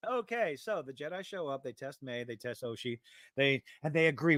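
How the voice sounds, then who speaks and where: A man hosts a live-stream podcast in a fed-up, profane rant. His voice sits a little high, and the sound is dry and close with no room echo. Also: very animated, normal speed, a bit bright. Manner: profane, exasperated ranting. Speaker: podcast host.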